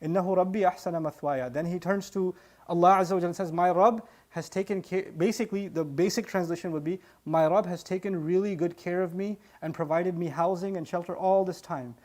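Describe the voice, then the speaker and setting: A man giving a Quranic lesson with a South Asian English accent, telling the story in an animated way and acting out the quoted voices. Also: sits high, rapid-fire. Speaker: preacher.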